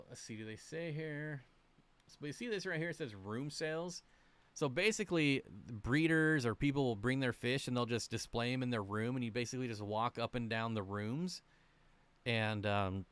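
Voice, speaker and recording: A man's voice: mid-range voice, fairly bright tone. A man hosting a casual livestream about aquarium fish, reading viewer comments aloud in a chatty, rambling, self-deprecating way. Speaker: aquarium channel host.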